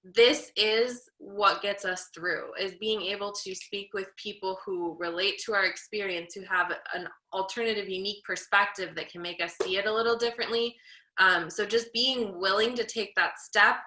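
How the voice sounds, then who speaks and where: Bright-voiced woman giving earnest advice. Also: mid-range voice. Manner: earnest, measured, frequent ums. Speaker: podcast guest. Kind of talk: candid advice-giving talk. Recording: roomy echo.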